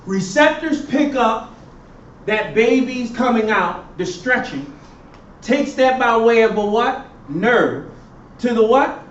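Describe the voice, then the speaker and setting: A man's voice: very high voice, expressive, slow, fairly bright tone, slight background noise. A male professor giving a classroom lecture. He keeps quizzing his students with fill-in questions. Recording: roomy, distant, dull classroom recording.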